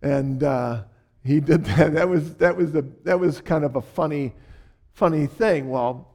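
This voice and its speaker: A man's voice: on the high side, unhurried, darkish tone. An older man preaching through a rambling family story, chuckling often as he goes. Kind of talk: storytelling sermon.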